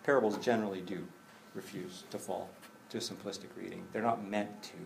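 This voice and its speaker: Man preaching an animated, joking sermon. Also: on the low side, brisk, gravelly, a little hiss or hum. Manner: animated, jokey asides, acts out dialogue. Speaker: pastor. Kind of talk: conversational sermon.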